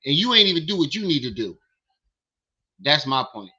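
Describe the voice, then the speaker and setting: A man hosts a livestream, reacting to a clip with heated, profane commentary and pressing the same point again and again. His voice is pitched a bit high with a very sharp, tense edge. The stream audio sounds dull and lo-fi. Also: very animated, normal speed, slightly rough. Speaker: livestream host.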